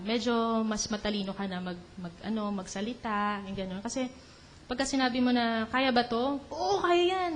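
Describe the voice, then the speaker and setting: A woman with a Filipino accent teaches on faith in a slightly high voice. She switches between English and Tagalog and acts out quotes in an animated way. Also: slight background noise. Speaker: preacher. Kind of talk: religious teaching talk.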